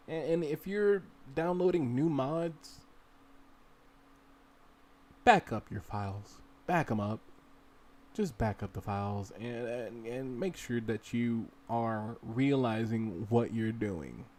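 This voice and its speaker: A man's voice: mid-range voice, lively intonation, takes it slowly, a little mellow. Rambling man hosting a modding tutorial. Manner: rambling, talks to viewers directly and urges them on. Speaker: gaming livestream host. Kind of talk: casual screen-share modding tutorial.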